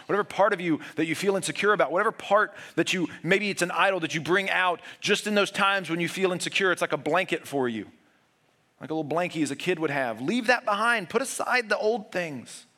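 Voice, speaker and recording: Guy preaching a sermon, bright ringing voice, earnest, goes quiet and low for the big points. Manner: earnest, swings between raised urgent passages and hushed low emphasis. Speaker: pastor.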